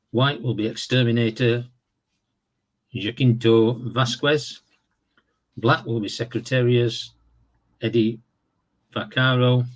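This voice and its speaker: A man casually walking through the rules of a horse racing board game, explaining in a relaxed, rambling way with fillers and self-corrections. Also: medium pitch. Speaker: tabletop game reviewer. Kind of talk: casual tabletop game walkthrough.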